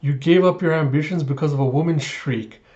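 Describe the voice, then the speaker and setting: A man reading the lines of a gruff, commanding pirate captain in a comic. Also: on the high side, fairly quick, mellow, dull audio, lightly acted.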